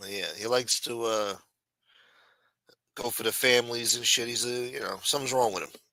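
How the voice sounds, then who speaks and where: A man's voice: medium pitch, fairly even intonation, normal speed, bright, forceful tone, no room sound. Profane trash-talking man hosting a livestream. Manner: profane, trash-talking, greets chat viewers by name. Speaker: livestream host. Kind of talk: casual late-night livestream chat.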